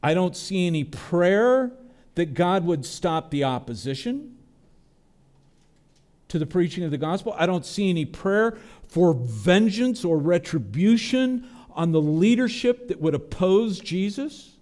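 A man preaching a sermon, earnest, his voice dropping low and soft on tender lines and lifting on prayers. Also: animated, measured pace. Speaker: pastor.

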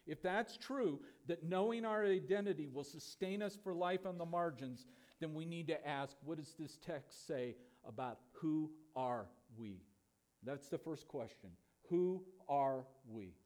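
A man's voice: on the high side, measured pace, a little mellow. A pastor preaching a sermon to his church, emphatic and full of rhetorical questions.

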